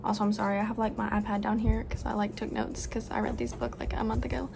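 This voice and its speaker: Fan hum fills the noisy home room where a young book vlogger chats bubbly and casually to camera about books, using lots of fillers. The camera is propped on the floor. Her mid-range voice is gravelly and level in tone, and she talks fast.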